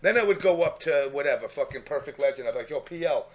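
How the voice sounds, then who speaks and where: A man telling a profane, animated story in casual chat, acting out the people he quotes. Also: on the high side, fast, hardly any pauses.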